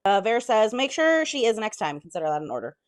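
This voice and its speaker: A woman's voice: on the high side, big pitch swings, fast talker, dry recording. A woman giving a casual chapter-by-chapter book recap, chatty, throwing in blunt swearing asides and half-acting the characters' lines.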